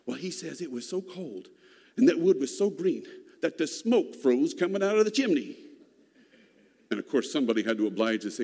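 A man telling a personal childhood story in an unhurried, folksy, reflective way, heard in a reverberant hall. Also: on the high side, big pitch swings, a little mellow.

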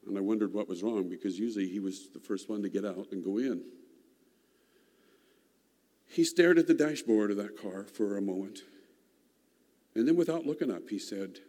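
Mellow-voiced man telling a folksy story. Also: lowish voice. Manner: folksy, unhurried, reflective. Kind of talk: personal storytelling. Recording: long hall reverb.

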